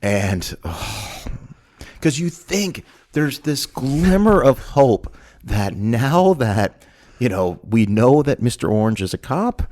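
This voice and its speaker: A man's voice: mid-range voice, very animated, takes it slowly, darkish tone. A man hosting a casual movie review podcast, animatedly retelling scenes one by one and swearing casually as he goes. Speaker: podcast host.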